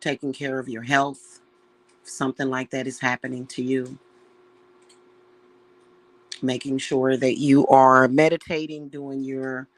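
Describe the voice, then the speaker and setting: A woman's voice: very deep voice, little pitch movement, a little slow, long pauses. A woman speaking as a practicing witch to her audience, earnest and emotional. She sounds close to crying and talks in a casual, heartfelt way, often turning to her viewers as y'all. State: close to tears. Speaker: witch and spiritual reader. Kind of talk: casual spiritual talk to viewers.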